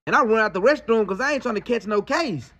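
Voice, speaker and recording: A man telling a story in casual slang, animated and acting out the people in it. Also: high voice, quick pace. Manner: animated, slangy, acts out quotes.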